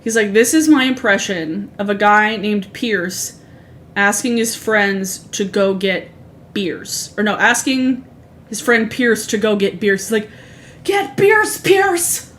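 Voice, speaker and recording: A woman's voice: medium pitch, a little slow, a bit bright, a little hiss or hum. A woman in her thirties chatting casually on a livestream, rambling through asides and swearing freely. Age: 30s. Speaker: streamer. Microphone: streaming microphone.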